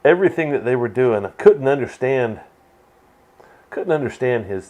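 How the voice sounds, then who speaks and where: A man's voice: mid-range voice, normal speed, vocal fry, a little mellow. Laid-back male host, rambling commentary with frequent laughs and some cursing. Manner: rambling, laughs often, swears. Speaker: channel host. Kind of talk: casual movie commentary.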